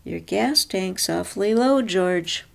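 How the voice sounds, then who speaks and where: A woman voicing a bold, sharp-tongued woman who snaps orders and turns lilting and mock-innocent when she needs to. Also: mid-range voice, expressive, slow, gravelly, heavily acted. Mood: curt.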